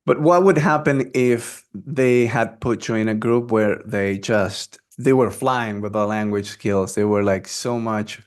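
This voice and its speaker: A man's voice: on the low side, a little slow, hardly any pauses, clean tone. A man hosting a podcast interview, talking through ideas and often checking in with "right?". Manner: thoughtful, restarts sentences, asks "right?". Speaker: podcast host. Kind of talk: casual interview talk.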